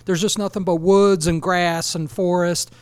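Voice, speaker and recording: Man with a crisp, fairly high voice. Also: flat delivery, normal speed, no echo. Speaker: band member guest. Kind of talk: casual chat.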